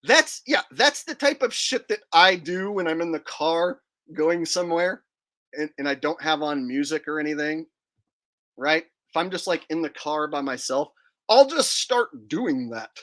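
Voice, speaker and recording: A man's voice: fairly high pitch, expressive, unhurried, pushed and bright. A male comedian chatting casually to online viewers, rambling and laughing at his own jokes.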